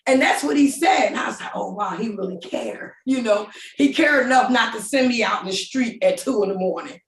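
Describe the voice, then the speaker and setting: A middle-aged woman telling her story in a casual, animated way, often laughing and acting out what people said. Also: on the high side, a little fast, roomy sound, distant mic. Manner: animated, laughing, quoting others in voices.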